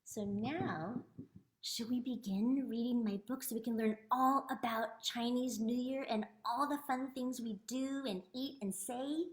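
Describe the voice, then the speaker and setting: A woman author teaching children a language lesson and reading her book, drawing out words slowly so they can follow. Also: on the high side, reverberant. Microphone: video call.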